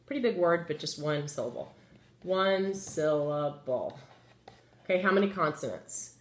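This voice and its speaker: A woman's voice: fairly low pitch, lively intonation, fast. A woman teaching a children's phonics lesson, patient and encouraging, asking the class questions as she writes on the board. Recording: echoey room.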